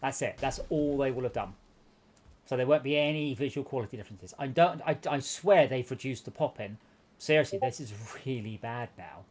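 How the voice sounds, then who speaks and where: A man's voice: medium pitch, fairly quick, a little hiss or hum. A young man hosting a game stream, giving exasperated running commentary with stumbling restarts. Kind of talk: casual gameplay chat.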